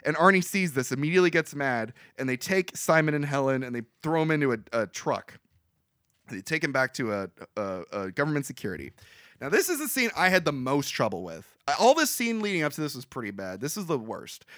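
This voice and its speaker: A young man retells a film scene by scene in loose, rambling podcast chat, laughing easily. His voice sits a little high and leaps around in pitch. The sound is close and dry. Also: fairly quick, dry recording. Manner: rambling, animated, laughs often. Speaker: podcast co-host recapping a movie. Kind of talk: casual chat.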